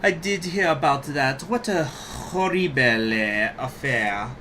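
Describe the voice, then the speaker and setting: A poised aristocratic woman from a game, read aloud by a man, smooth and calmly dismissive. She brushes off accusations without raising her voice. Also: mid-range voice, slow, a little hiss or hum, pitched above the performer's own voice, low-quality recording.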